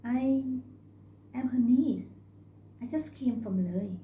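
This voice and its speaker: A woman voicing a cheeky young rural woman from the northeast who talks in a bright, forthright way. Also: fairly high pitch, takes it slowly, slight background noise, voice pushed up. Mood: cheerful. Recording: roomy recording.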